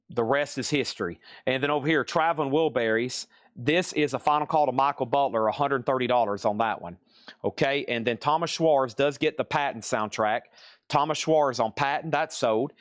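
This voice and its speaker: A man's voice: mid-range voice, no room sound, clean studio sound. A man hosting a live-stream vinyl record sale, chatting casually as he reels off prices, grades and bidder names. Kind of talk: live-stream auction chat.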